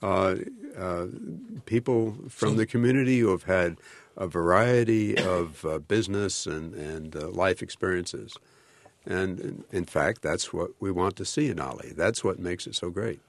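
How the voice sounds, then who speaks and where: A man's voice: sits low, a little slow, dry recording. A man with a New Jersey accent, a guest instructor chatting on a call-in radio show, hesitant with many fillers.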